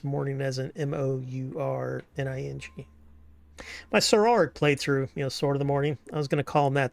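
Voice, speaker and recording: A man casually commenting over a video game with joking, sarcastic asides. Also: medium pitch. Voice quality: gravelly. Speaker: gameplay streamer.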